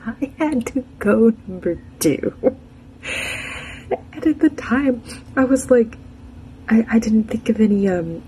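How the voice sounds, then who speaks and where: A woman's voice: medium pitch, a little mellow, a little hiss or hum, rough recording. A young adult woman telling a casual personal anecdote in a chatty, frank and self-mocking way. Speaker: storyteller.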